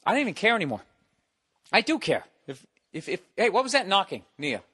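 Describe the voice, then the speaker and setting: A man's voice: high voice, sing-song, brisk, sharp tone, slightly rough, no echo, studio quality. A man hosting a podcast from his home, delivering a profane, exasperated solo rant. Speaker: podcast host. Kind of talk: solo ranting monologue.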